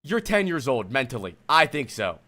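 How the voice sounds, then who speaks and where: A man's voice: medium pitch, big pitch swings, normal speed, pushed and bright. A man coaching a player on a live stream, blunt, exasperated and profane, turning to chat as he lectures. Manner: talks to chat while lecturing a student. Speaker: streamer coach reviewing gameplay.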